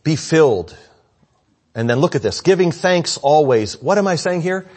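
A male pastor preaching in a conversational way, asking the congregation questions and calling for amen, swinging from loud to hushed. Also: a little high, big pitch swings, a little slow, pauses often. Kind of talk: sermon.

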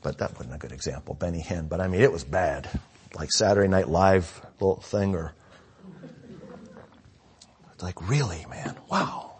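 A male pastor preaching in a conversational way, asking the congregation questions and calling for amen, swinging from loud to hushed. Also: sits low, normal speed, pauses often, slight background noise. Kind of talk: sermon.

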